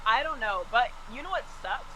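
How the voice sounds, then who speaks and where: A woman with a bright, sharp voice co-hosting a casual chat, excitable and leaning on the word "like" constantly. There is faint noise under the recording. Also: a little high, brisk, low-quality recording. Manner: excitable, heavy use of "like". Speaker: podcast co-host.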